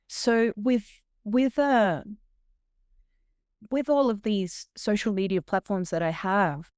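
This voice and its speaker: A middle-aged Australian woman with a smooth, medium-pitched voice guests on a podcast, telling stories animatedly with laughter and frequent restarts. The recording is dry and studio quality.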